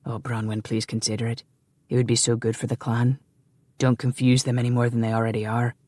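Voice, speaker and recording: A man voicing a proud, scheming Scottish man who speaks low, heavily and with a sneer. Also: monotone, brisk, a little mellow, dry recording, lightly acted. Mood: pleading.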